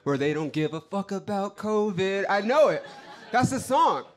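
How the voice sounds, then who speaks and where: A man's voice: high voice, sing-song, moderate pace. A man doing a brash, profane stand-up set on a club stage, ranting to the crowd. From Los Angeles. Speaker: stand-up comedian.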